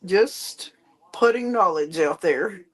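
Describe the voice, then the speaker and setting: A woman's voice: lowish voice, lively intonation, slow pace. A woman in a casual panel chat, patiently explaining things step by step.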